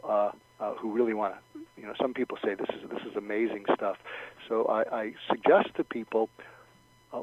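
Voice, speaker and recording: A man's voice: mid-range voice, husky, dry recording. A man giving conversational advice as a guest expert, thoughtful, repeating words and acting out sample lines. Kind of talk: conversational advice with acted examples. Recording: dull, lo-fi radio sound.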